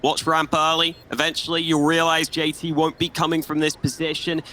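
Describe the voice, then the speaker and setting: A man's voice: on the high side, monotone, moderate pace, pushed and bright. Male esports color commentator. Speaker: esports analyst. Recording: noisy game audio behind. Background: game sounds.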